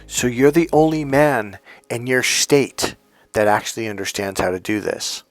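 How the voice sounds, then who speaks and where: A middle-aged man from California giving a blunt, profane, animated dating-coaching talk. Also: mid-range voice, normal speed, dry recording, soft background music. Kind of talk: emphatic coaching monologue.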